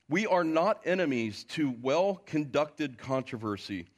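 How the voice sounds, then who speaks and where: A man's voice: a little high, sing-song, takes it slowly. A man preaching a sermon to his congregation as pastor, emphatic, often asking the listeners rhetorical questions. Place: church.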